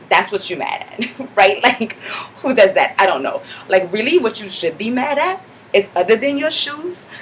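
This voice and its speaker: In a mid-range voice close to everyday speech, a woman portrays a sassy young clubgoer for a character comedy vlog. The chatty, mock-indignant monologue is heavy with the filler "like." There is slight background noise.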